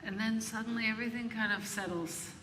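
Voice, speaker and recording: A woman hosting a casual interview, speaking gently and encouragingly with short replies and small personal stories. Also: fairly high pitch, steady tone, brisk. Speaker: interviewer and host. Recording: distant mic in reverberant room, clear background noise.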